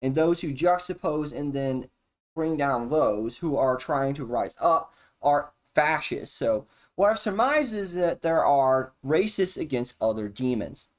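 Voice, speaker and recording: Streamer, solo stream, erratic profane rambler, pitch swings widely. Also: animated, a little slow. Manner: erratic, profane and jumpy, with sudden laughs and exclamations.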